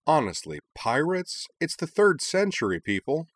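A man voicing a cheerful, wry young woman who speaks briskly. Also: fairly low pitch, expressive, close to an everyday voice.

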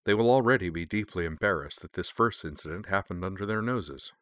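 Audiobook: a man playing a stern, formal woman teacher, low but sharp. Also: animated, a little fast, dry recording.

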